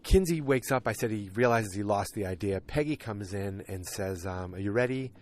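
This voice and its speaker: A man's voice: fairly low pitch, expressive, moderate pace, darkish tone. A man hosting a podcast, casually recapping an episode in a rambling, self-deprecating way with many fillers. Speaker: podcast host.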